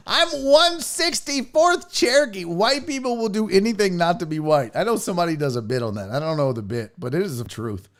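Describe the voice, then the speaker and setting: A man hosting a comedic talk show, ranting in a loud, mocking, profane way and slipping into exaggerated voices. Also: fairly high pitch, lively intonation, quick pace, hardly any pauses. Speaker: podcast host.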